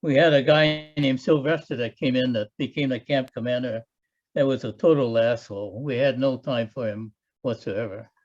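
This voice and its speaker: Blunt older veteran, dull sound. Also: male voice, mid-range voice, fairly even intonation, normal speed. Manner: blunt, matter-of-fact. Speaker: Special Forces veteran. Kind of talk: oral history storytelling.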